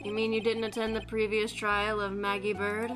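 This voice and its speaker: A woman voicing a cool, smug male prosecutor in a lowered, measured voice. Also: monotone, over music, close to an everyday voice.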